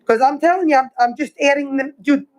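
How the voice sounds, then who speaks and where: A woman's voice: high-pitched, fairly quick, poor audio. A woman board member pressing questions in a meeting discussion, cutting in to get answers.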